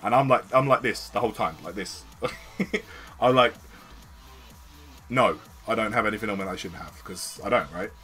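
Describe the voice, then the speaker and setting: A man's voice: fairly low pitch, moderate pace, pauses often, soft background music. A man with a British accent, telling a story to his stream in a casual, slangy way with plenty of swearing. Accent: British English. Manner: slangy, swearing, animated retelling.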